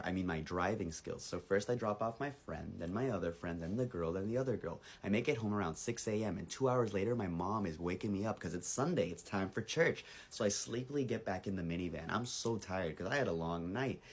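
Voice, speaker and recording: A young man in his twenties telling a comedic personal story, animated and acting out the voices. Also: low-pitched, husky.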